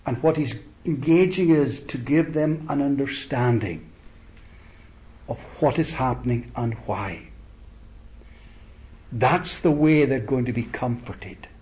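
Slow deliberate male preacher, lo-fi. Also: medium pitch. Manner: slow, deliberate preaching with rising emphatic peaks and soft trailing endings. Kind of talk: sermon.

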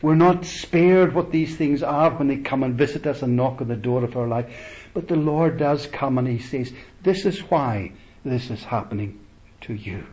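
A man preaching a sermon slowly and deliberately, rising to emphatic peaks and letting phrases trail off softly. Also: mid-range voice, muffled recording.

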